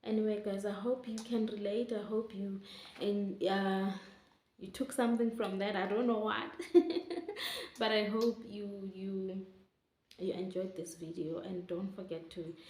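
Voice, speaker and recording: A woman's voice: medium pitch, level tone, a little slow, a little mellow. Young woman vlogger, chatty and emotional, mid-range voice in an echoey room. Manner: chatty, keeps addressing viewers as guys, emotional. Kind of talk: casual storytelling to camera. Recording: roomy echo.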